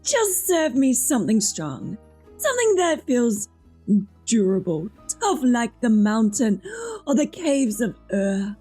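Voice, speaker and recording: A woman voicing a blunt female dwarf warrior in a put-on Scottish accent, rough and hearty. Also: a little high, big pitch swings, slow pace, mellow, faint music behind, full character voice. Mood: demanding.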